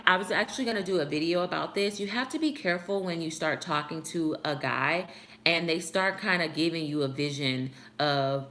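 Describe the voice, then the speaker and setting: A young YouTube vlogger, a woman with a lowish, fairly bright voice, answers viewer comments in an earnest, slightly preachy casual chat from her apartment. Slight background noise is present.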